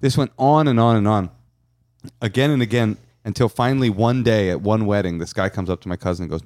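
A man co-hosting a comedy advice podcast, telling stories in a joking, animated way. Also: lowish voice, quick pace, no echo, studio quality. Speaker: podcast co-host. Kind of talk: casual comedic advice chat.

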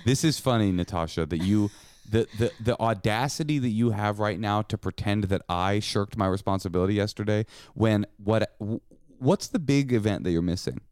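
A man's voice: fairly low pitch, normal speed, darkish tone, clear, resonant tone, dry recording, clean studio sound. A man co-hosting a podcast, bickering with his wife in a sarcastic, mock-indignant comedic chat. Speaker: podcast co-host.

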